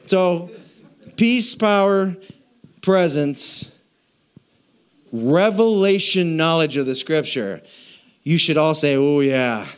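A man's voice: on the high side, slow, long pauses, clean tone. A man preaching a sermon as pastor, playful, repeating phrases to draw responses from the congregation.

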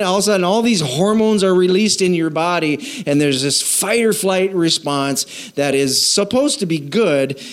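A man preaching a sermon as pastor, animated and jokey, acting out quoted voices and asking the audience questions. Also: on the high side.

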